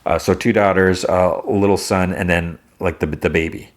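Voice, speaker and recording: A man hosting a podcast, recapping a TV episode in a rambling, excitable way. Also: sits low, normal speed. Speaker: podcast host.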